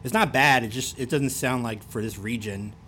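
A man's voice: medium pitch, normal speed, fairly bright tone, slight background noise. Joking man with a lisp, Baltimore accent. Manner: rambling, slight stutter, jokey. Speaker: podcast co-host. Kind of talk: casual podcast banter.

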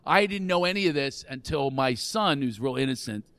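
A male comedian guest telling stories in casual chat, animated and laughing often. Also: medium pitch, fairly quick, no room sound.

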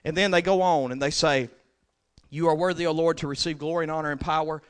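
A man preaching a sermon, moving between quiet scripture reading and loud, soaring declarations. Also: a little high, steady tone, quick pace, smooth.

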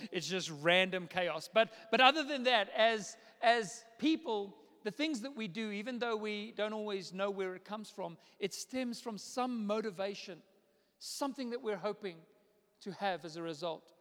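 A man in his thirties, a pastor, preaching a sermon in a church auditorium in a conversational, animated way. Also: high voice. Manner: conversational, animated storytelling with laughs. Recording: long reverb of a large hall.

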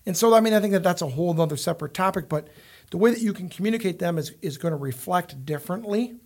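Husky, gravelly-voiced father talking freely. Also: sits high, fast talker, darkish tone. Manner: rambling, repeats words, acts out quoted lines. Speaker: guest. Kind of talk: casual conversation.

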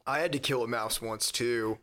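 A man's voice: mid-range voice, fairly even intonation, normal speed, sharp tone. A man with an ordinary mid-range voice tells a story on a podcast. He rambles along loosely and curses casually. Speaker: podcast co-host.

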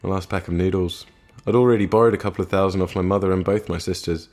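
A young man narrates a first-person tale in a low, understated voice. His delivery is dry and subdued. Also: fairly even intonation, quick pace, darkish tone, faint music behind. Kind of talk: scripted narration.

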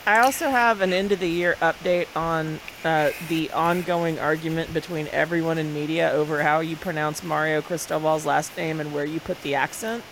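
A podcast co-host who tells a long, rambling, self-deprecating story full of "uh" and "like". The voice sits at a middle pitch over a faint hiss. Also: fairly even intonation, normal speed, hardly any pauses. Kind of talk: casual comedic chat.

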